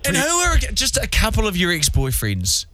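A man, a radio host, talking in fast, teasing banter. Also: sits high, wildly swooping pitch, pushed and bright, no echo.

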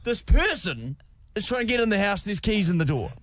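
Lively-pitched New radio host. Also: male voice, fairly quick. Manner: animated storytelling with laughs. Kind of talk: casual banter.

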